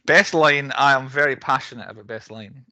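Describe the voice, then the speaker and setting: A man hosting a film podcast in casual chat, animated, laughing often and tripping over restarts. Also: medium pitch, moderate pace, no echo. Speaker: podcast host. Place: podcast recording.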